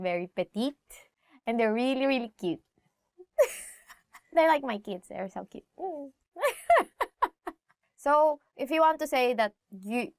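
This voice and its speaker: A woman with a Filipino accent hosting a casual spoken language lesson, chatty and laughing often, saying example phrases slowly. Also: mid-range voice, clear, resonant tone, no room sound, clean studio sound. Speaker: language teacher host.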